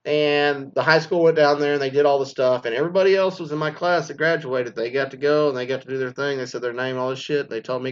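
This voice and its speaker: A man's voice: medium pitch, fairly even intonation, quick pace, hardly any pauses, smooth. A middle-aged man, delivering a crude, sarcastic rant full of swearing. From Texas, Dallas area. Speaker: commentator reacting to news. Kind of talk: profane ranting monologue. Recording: dull lo-fi audio.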